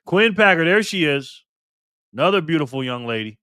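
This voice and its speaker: A man's voice: fairly high pitch, expressive, moderate pace, bright, forceful tone, no room sound, clean studio sound. A man hosting a casual livestream, cheerfully greeting viewers by name one after another. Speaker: livestream host.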